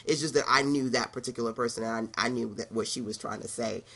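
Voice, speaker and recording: A woman's voice: very deep voice, steady tone, quick pace, vocal fry, a bit bright, slightly rough. A middle-aged woman from Brooklyn giving a motivational monologue as an online business coach, emphatic and repetitive, with laughing asides. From Brooklyn, New York.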